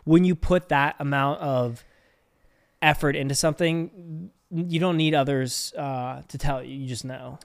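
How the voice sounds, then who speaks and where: A man's voice: a little high, fairly even intonation, a little slow, vocal fry, no room sound. A young man co-hosting a podcast, chatting casually and joking in a mock-serious, dry way. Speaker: podcast co-host. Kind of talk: casual chat.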